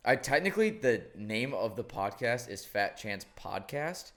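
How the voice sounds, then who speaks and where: A man's voice: mid-range voice, big pitch swings, a little slow, a bit bright, a little hiss or hum. A young man hosting a podcast, telling stories in a loose, rambling way and swearing freely. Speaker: podcast host. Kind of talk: casual chat.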